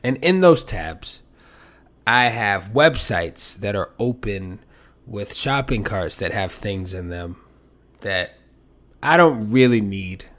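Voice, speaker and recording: A man hosting his own podcast alone, rambling and self-mocking in a casual monologue with big swings in loudness. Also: medium pitch. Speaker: podcast host.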